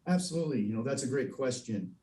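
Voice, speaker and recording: A man's voice: medium pitch, lively intonation, fast, dark tone, reverberant, distant mic. A man being interviewed as an expert guest on a morning TV show, speaking in a friendly, earnest way with fillers.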